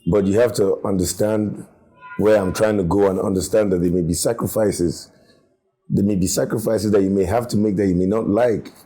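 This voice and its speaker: Low mellow-voiced man. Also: steady tone, normal speed. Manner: candid and joking, laughs between lines. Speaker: panel cast member. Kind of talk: casual panel chat.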